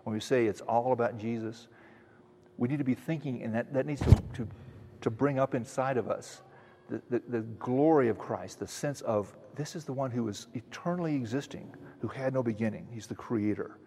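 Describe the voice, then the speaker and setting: A man preaching an expository sermon, earnestly teaching and slowing down to stress quoted verses. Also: mid-range voice, dark tone, slightly rough, long reverb tail. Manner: earnest teaching, with frequent restarts and slow emphatic quotes. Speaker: pastor.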